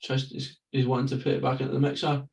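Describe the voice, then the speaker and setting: A Scottish man co-hosting a podcast, giving quick running football commentary between casual chat. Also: mid-range voice, completely flat delivery, darkish tone, echoey room. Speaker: podcast co-host. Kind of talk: live football watchalong commentary.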